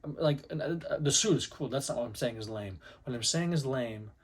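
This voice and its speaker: Husky-voiced excitable young man. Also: medium pitch, normal speed. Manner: excitable, rambling, slangy. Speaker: anime commentary YouTuber. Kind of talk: casual fan commentary.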